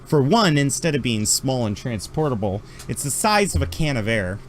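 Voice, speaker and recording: A mid-range male voice with big pitch swings narrates a tabletop session as game master, wandering through descriptions with plenty of fillers. He speaks at a moderate pace, with slight hiss or hum behind him.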